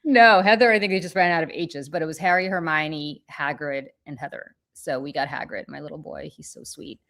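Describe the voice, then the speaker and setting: A woman's voice: low-pitched, creaky. Chatty middle-aged woman hosting. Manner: chatty and animated, quick asides to her dog. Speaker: podcast host. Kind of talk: casual chat.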